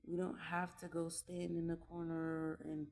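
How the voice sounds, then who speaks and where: A mother talking in a casual, reflective vlog, earnest and candid, pausing and restarting as she gathers her thoughts. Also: on the low side, monotone, a little mellow. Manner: earnest, halting, with frequent restarts and trailing pauses; candid and heartfelt. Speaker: mother vlogging about parenting.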